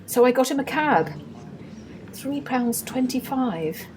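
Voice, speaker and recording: A woman's voice: high-pitched, expressive, slow pace, a little mellow, slight background noise, poor audio. An amateur actress playing a timid young female assistant stage manager, hesitant and apologetic. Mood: anxious.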